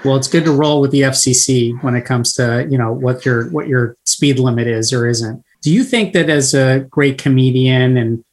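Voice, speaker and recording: A man hosting an interview, asking long questions in a thoughtful, searching way. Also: mid-range voice. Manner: thoughtful, slow, searching phrasing with restarts. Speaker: interview host.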